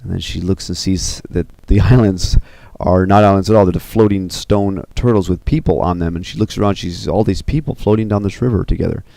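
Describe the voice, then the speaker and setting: A man casually pitching a film story scene by scene, loose and rambling with many fillers. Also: a little fast, gravelly, few pauses, warm tone, no room sound. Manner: loose and rambling, full of 'you know' and 'kinda'.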